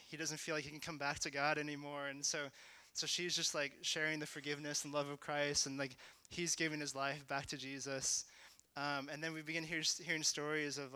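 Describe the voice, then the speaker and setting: A young man tells his testimony in a loose, chatty way, filling his sentences with "like" and "you know". His voice is bright and crisp, a little high for a man. It sounds close and dry, with no room around it. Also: no echo. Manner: casual, lots of "like" and "you know", rising to shouts. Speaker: speaker sharing a testimony. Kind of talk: testimony talk.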